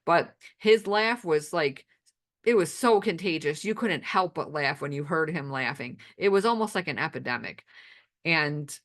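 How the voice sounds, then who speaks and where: A woman with a somewhat low voice tells funny family stories in a stand-up style. She is playful and self-deprecating, and her delivery is animated. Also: normal speed. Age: adult with children. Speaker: amateur comedian.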